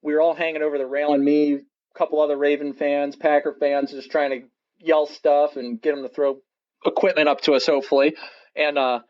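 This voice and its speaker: A man's voice: on the high side, a little fast. Dude recounting his favorite game, all hyped, a bit lo-fi and muffled. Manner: excited storytelling with fillers. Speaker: listener telling a story. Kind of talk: recorded personal anecdote. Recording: dull lo-fi recording.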